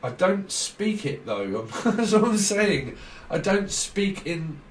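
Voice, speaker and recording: A man gives a casual tarot reading, drifting from one loose word association to the next and laughing along the way. His voice sits a little high. The sound is roomy and echoey, picked up from a distance. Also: big pitch swings, slow. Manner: rambling word association, frequent laughs, trailing restarts. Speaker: tarot reader. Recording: roomy echo, mic at a distance.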